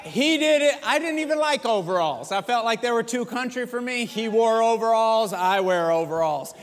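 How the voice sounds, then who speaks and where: A man preaching a sermon as pastor, telling stories lively and joking with the congregation. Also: very high voice, moderate pace, slight background noise. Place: large church sanctuary. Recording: echoey church hall.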